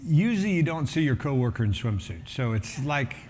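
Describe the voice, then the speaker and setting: A middle-aged man, a pastor, telling a story in a sermon with lively energy and acting out the voices of people in it. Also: mid-range voice, fairly quick, long reverb tail. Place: church auditorium.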